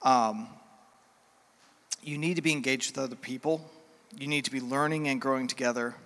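A middle-aged man preaching a sermon as a pastor, earnest and heartfelt, with pauses and fillers. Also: mid-range voice, fairly even intonation, fairly bright tone. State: emotional, near tears. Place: church sanctuary. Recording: church hall with long reverb.

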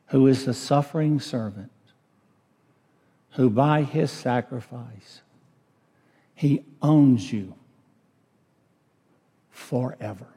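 A man preaching a sermon as pastor, slow and deliberate, rising to emphatic peaks. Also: mid-range voice, warm tone. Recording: reverberant church hall.

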